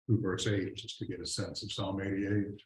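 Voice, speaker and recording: A man's voice: deep voice, level tone, normal speed. A man teaching an adult Sunday school class in a church room, talking conversationally and reading scripture aloud. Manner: conversational, reads scripture aloud, trails off and restarts. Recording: echoey room, faint hiss.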